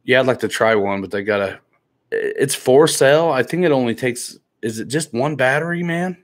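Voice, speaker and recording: A man's voice: medium pitch, a little fast, a bit bright. A man hosting a live stream in a laid-back, joking way, reading viewer comments aloud and teasing the people in the chat.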